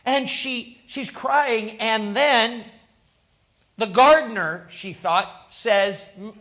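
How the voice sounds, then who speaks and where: A pastor delivers a sermon slowly, telling the story dramatically as he sinks to a low hush and then rises into loud bursts. He laughs often and addresses the congregation directly.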